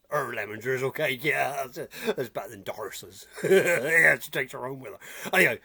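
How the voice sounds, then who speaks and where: A man's voice: on the high side, vocal fry, pushed and bright, slightly rough, heavily acted. A man playing a chatty, giggly old countryman with rheumatism, rambling folksy gossip and repeating himself in a comic character video.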